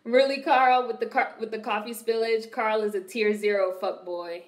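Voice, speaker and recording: A woman's voice: mid-range voice, fairly even intonation, moderate pace. A young woman from Washington, D.C., hosting a film reaction video, talking bluntly with profane wisecracks. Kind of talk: casual film reaction commentary. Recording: roomy echoey room.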